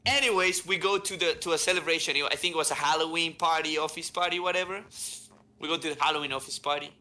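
Animated guy hosting a podcast, kinda high, really bright voice, keeps saying right?. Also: fast. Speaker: podcast host. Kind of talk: casual storytelling chat.

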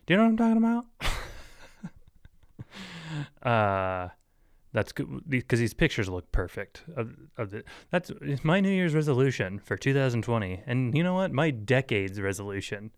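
A man's voice: mid-range voice, smooth, no echo, clean studio sound. A man hosting a solo podcast in a casual, rambling way, full of fillers and restarts, often laughing at his own jokes and dropping mock-serious asides. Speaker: podcast host.

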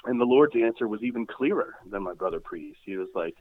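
Casual priest on a tinny line. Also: male voice, lowish voice, animated, a little fast, slight background noise. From Ireland. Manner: loose and conversational, heavy on "like" and "you know". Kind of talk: casual podcast chat. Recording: tinny phone-like sound.

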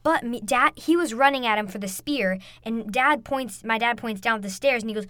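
A young woman hosting a casual podcast, gushing excitedly with frequent ums and restarts. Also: medium pitch, normal speed, few pauses, no echo. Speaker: podcast host. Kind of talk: casual wrestling recap podcast.

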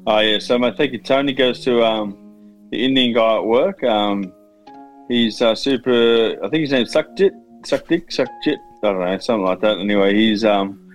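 A man's voice: fairly low pitch, moderate pace, soft background music. An Australian man co-hosting a podcast, crude and swearing freely, mimicking people in casual chat. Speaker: podcast co-host.

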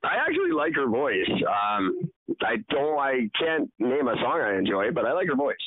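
A man's voice: huge pitch swings, normal speed, slight background noise. A Canadian man co-hosting a podcast in casual chat, mocking and swearing, often putting on silly voices. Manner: mocking, puts on silly high voices for impressions. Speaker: podcast co-host. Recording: tinny phone-like sound.

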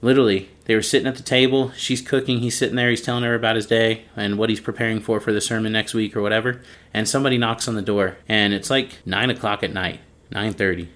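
A man co-hosting a podcast, telling a story in a casual, animated way and acting out the people in it. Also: fairly low pitch, fast. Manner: animated storyteller, acts out quoted voices. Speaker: podcast co-host.

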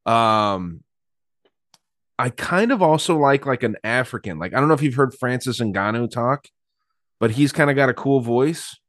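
A man co-hosts a podcast, blunt and laid-back as he chats casually. His voice is fairly low and sounds dry and close. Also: lively intonation, moderate pace, a bit bright, dry recording. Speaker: podcast co-host. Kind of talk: casual chat.

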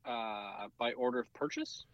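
A man's voice: mid-range voice, unhurried, no echo, highs cut off. A man co-hosting a podcast, chatting casually with wry jokes. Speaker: podcast co-host. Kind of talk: casual chat.

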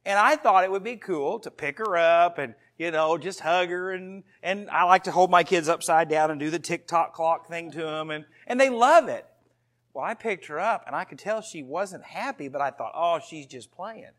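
A man's voice: fairly high pitch, moderate pace, fairly bright tone. A man in his thirties preaching a sermon to his congregation, earnest and storytelling, with asides to the listeners. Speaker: pastor.

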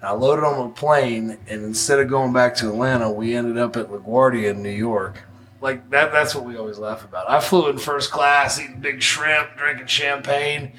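A man's voice: mid-range voice, steady tone, normal speed, sharp tone. A man in his forties spins a rambling story, cursing freely and chuckling at how badly things went. His voice sits in an ordinary middle register, and his telling is blunt and unpolished, like casual podcast talk. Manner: profane, blunt, laughs through his story. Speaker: podcast guest.

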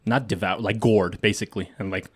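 A man's voice: on the low side, fairly even intonation, fairly quick, breathy edge. A man co-hosting a casual podcast, laid-back and laughing often, with lots of "like" fillers. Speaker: podcast co-host. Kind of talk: casual chat.

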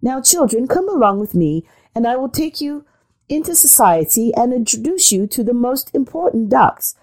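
A fussy mother duck from a storybook, impatient and proud of her ducklings, as a woman reading aloud puts her on. The voice sits a little higher than plain talk and swings widely in pitch, soft and mellow in tone. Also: big pitch swings, moderate pace. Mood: coaxing. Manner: fretful, proud and chatty.

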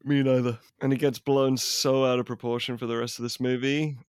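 A man's voice: mid-range voice, level tone, fairly quick, darkish tone, smooth, no room sound. Wry man with dry comments. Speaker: podcast co-host. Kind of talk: casual comedic chat.

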